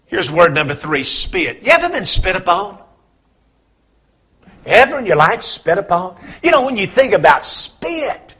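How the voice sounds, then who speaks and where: A man preaching a sermon, swinging between hushed, low lines and loud, emphatic questions. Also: slightly rough.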